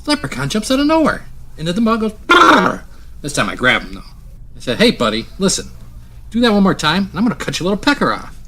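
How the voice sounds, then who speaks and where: A man voicing a brash fellow who tells a bar joke in quick, punchy bursts. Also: sits high, huge pitch swings, a bit bright, slight background noise, pitched above the performer's own voice, exaggerated voice. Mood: brash joking. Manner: rapid, punchy joke delivery.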